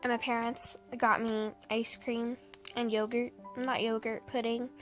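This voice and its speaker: A young woman with a slightly high voice tells a story in a loose, chatty vlog way. She keeps breaking into laughter and acts out the lines people said to her. Soft music plays faintly under her voice. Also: measured pace. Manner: animated, laughs often, quotes people.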